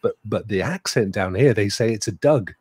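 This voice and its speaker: A man's voice: fairly low pitch, normal speed, a little mellow, breathy edge, dry recording, clean studio sound. A man from England with a West Country accent, hosting a casual live-stream chat and greeting viewers in a playful, chatty way. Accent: West Country English. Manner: chatty, playful, does funny voices. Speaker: host.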